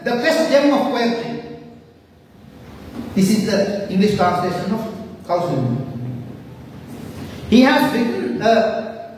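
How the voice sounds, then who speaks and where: A woman with a high voice gives an academic lecture, pausing often with fillers and correcting herself as she goes. She is recorded from a distance in a large room with a long, heavy echo. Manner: halting, with frequent fillers and self-corrections. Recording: echoey hall, mic far off.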